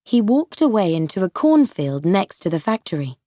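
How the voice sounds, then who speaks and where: A woman narrating an audiobook for English learners, slow, clear and carefully paced. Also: mid-range voice, very animated, dark tone, no echo, studio quality. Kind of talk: scripted narration of a graded reader.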